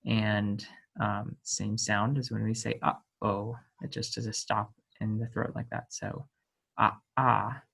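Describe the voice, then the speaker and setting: Slow, hesitant male language teacher. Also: on the low side, level tone, gravelly, fairly bright tone, slightly rough. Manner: slow, hesitant, many ums and self-corrections; voices sample sounds with emphasis. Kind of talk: unscripted language lesson.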